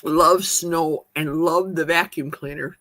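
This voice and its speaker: A woman's voice: sits low, steady tone, slow, a bit bright, no room sound. A woman chatting casually on a live stream, eating as she talks and reading viewer comments aloud in her kitchen. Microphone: streaming mic.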